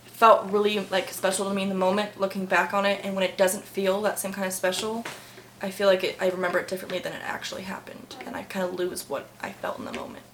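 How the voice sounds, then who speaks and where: A woman's voice: medium pitch, little pitch movement, fast. A young woman speaking thoughtfully but hesitantly in a casual group discussion. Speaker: discussion participant. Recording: echoey room with noise.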